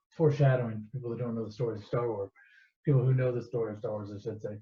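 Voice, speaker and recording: A man's voice: mid-range voice, steady tone, dark tone. Rambling man retelling a movie, echoey room. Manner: rambling, swears, restarts, quick asides. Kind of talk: casual comedic movie retelling. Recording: echoey, dull lo-fi room recording.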